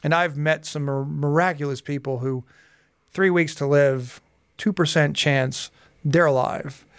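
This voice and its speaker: A man in his forties, a guest on a podcast interview, telling personal stories in a lively way and acting out the dialogue. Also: on the high side, unhurried, smooth, no room sound, studio quality. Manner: lively storyteller who acts out dialogue. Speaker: guest, hypnotherapist and coach.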